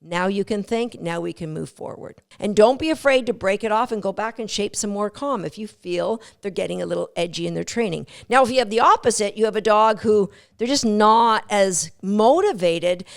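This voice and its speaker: Brief: female dog-training podcast host, a gravelly edge, lively and coaching. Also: mid-range voice, moderate pace, hardly any pauses. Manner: lively, coaching, acts out dog and owner thoughts. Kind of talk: instructional podcast talk.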